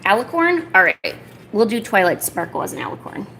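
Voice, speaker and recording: A woman in her thirties, chatting casually on a livestream while she sketches, rambling with lots of filler words and cooing softly to her pet. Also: mid-range voice, sing-song, fairly quick, vocal fry, faint music behind. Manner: soft, doting talk to her pet. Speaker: artist streamer.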